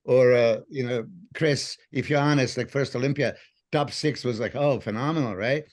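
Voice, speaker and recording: A male co-host speaking with phrasing, animated and halting with fillers. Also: medium pitch. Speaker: podcast co-host, former bodybuilder. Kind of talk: casual interview chat.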